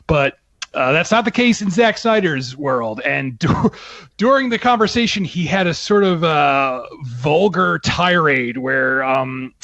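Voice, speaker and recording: A man's voice: a little high, lively intonation, a little slow, fairly bright tone, dry recording, lo-fi sound. A man co-hosting a casual podcast, chatty and laughing often, with lots of fillers. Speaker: podcast co-host.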